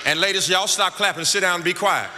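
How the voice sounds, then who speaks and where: A pastor preaching a sermon, swinging from shouts and half-sung lines to quiet, low stretches. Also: male voice, quick pace. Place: church sanctuary. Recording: large echoing church hall with crowd noise.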